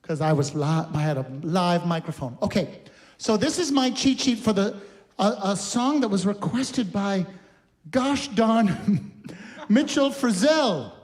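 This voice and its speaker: A man's voice: high-pitched, animated, measured pace, a little mellow. A man hosting a live cabaret show, telling chatty, campy stories between songs with frequent laughs, in a recording studio. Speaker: cabaret singer and host. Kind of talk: live cabaret stage patter.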